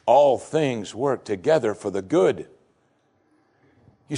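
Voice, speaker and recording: A male preacher with a gravelly, husky voice retells a scripture story as a dramatic sermon. His pitch leaps and falls as he builds scenes, and he says the key lines twice for emphasis. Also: slow, pauses often. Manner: dramatic storytelling, swinging from hushed to excited.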